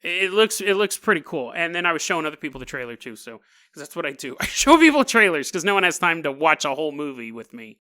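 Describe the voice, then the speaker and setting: A man's voice: fairly high pitch, very animated, fast talker, pushed and bright. A male podcast host telling a story in a joking, rambling way, laughing often. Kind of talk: comedic storytelling.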